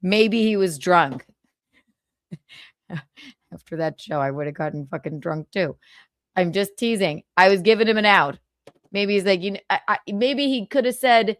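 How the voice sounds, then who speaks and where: A woman's voice: lowish voice, animated, normal speed, no room sound, studio quality. A woman hosting a livestream, arguing heatedly with a guest in a sarcastic, mocking, combative way. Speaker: livestream host.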